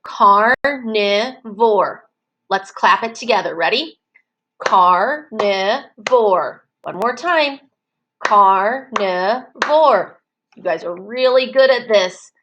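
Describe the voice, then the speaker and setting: A woman teaching preschool children in an online circle time, slow and encouraging, stretching words out so the children can clap the syllables. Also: a little high, lively intonation, dull audio, noisy background.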